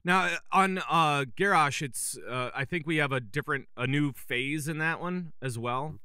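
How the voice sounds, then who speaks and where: An upbeat man hosts a casual gaming podcast and leads each segment with questions. His voice is smooth and resonant, a touch high. The sound is dry and close, with no room in it. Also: normal speed, bright, forceful tone, no echo. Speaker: podcast host.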